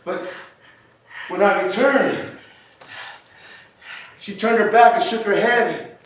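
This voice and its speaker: Male spoken-word performer, measured and theatrical, distant from the mic in a roomy hall. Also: sits high. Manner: dramatic, measured, rising to shouts. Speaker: storyteller. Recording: echoey stage from far off.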